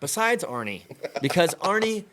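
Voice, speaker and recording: A man hosting a casual podcast, joking around and swearing in quick banter. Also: high voice, very animated, fairly bright tone. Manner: fast, joking, profane banter. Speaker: podcast host. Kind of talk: casual chat.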